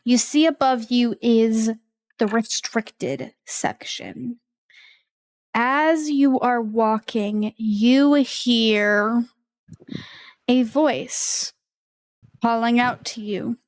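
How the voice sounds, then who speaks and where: A woman narrating a tabletop game as game master, describing scenes slowly and voicing characters. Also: a little high.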